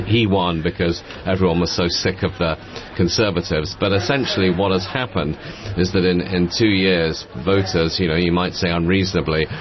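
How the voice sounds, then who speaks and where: A man working as a political correspondent, giving emphatic, lively news analysis on the radio with the occasional chuckle. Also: sits low. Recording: muffled broadcast audio.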